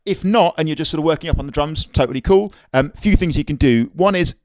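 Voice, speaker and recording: A man giving a casual, upbeat drum lesson on video, chatting easily and counting rhythms out loud. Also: on the high side, fast, no room sound. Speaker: drum teacher. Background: drum kit playing.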